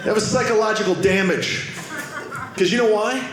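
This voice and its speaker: Stand-up comic, man, high voice, punchy self-deprecating delivery, echoey club with crowd noise. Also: normal speed. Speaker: stand-up comedian. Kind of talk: stand-up comedy set. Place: comedy club stage before an audience.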